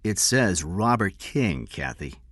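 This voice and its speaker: A man reading aloud and voicing a bitter male kidnapper who speaks softly and pleads. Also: low-pitched, very animated, slow pace, no echo, studio quality, full character voice. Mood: calm. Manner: soft-spoken, pleading.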